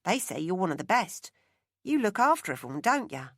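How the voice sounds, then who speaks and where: A woman's voice: fairly low pitch, sing-song, brisk, a bit bright, no room sound, studio quality, pitched above the performer's own voice, exaggerated voice. A woman reading an audiobook, voicing a friendly young woman with a Cockney accent who coaxes a boy. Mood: coaxing. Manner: coaxing, friendly.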